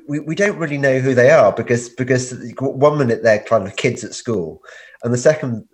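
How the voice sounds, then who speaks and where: A man hosting a podcast, drowsy from painkillers, who rambles and stammers over his words. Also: mid-range voice. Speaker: podcast host. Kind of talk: casual podcast chat.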